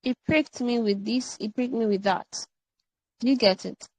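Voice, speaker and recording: Animated woman coaching grammar. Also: fairly high pitch, normal speed, no room sound, low-quality recording. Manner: animated, playful, repeats example sentences. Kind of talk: live online grammar workshop.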